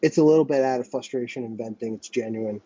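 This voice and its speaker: A man from the United States rants to camera in a husky, darkish voice, swearing freely and looping back over his own words. The sound is dry and slightly muffled, like a cheap home setup in a small apartment. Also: mid-range voice, fast, warm tone, no room sound. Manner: profane, rambling, self-interrupting. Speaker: vlogger. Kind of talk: ranting monologue to camera. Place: small apartment with a running window air conditioner.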